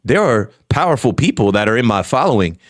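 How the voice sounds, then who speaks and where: A man's voice: medium pitch, very animated, brisk, no room sound, studio quality. A man guesting on a podcast as a former radio host, talking in an articulate, emphatic way. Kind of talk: casual podcast chat.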